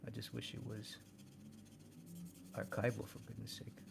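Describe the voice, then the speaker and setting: Gravelly-voiced man teaching drawing. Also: lowish voice, little pitch movement, normal speed, noisy background. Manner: thinks aloud while drawing, repeats words. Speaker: drawing instructor. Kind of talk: live drawing demonstration.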